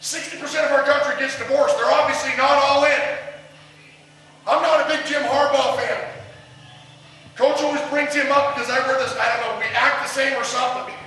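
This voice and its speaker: Middle-aged man, football coach firing questions at his team; high, sharp voice in a roomy hall far from the mic. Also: steady tone, moderate pace. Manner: intense, preaching, repeated challenging questions. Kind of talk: motivational team speech. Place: large echoey room with the team. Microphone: far camera. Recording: echoey hall recorded from far off.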